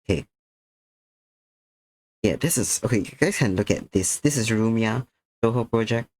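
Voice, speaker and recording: A man's voice: lowish voice, normal speed, darkish tone. A tired man chatting to viewers during an art stream, a little sick, drowsy and slurring slightly. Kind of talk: casual stream chat while drawing.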